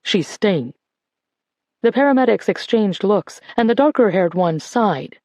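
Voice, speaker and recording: Woman audiobook narrator, measured and clear, mid pitch, dry close recording. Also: animated, warm tone, no echo. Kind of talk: scripted narration.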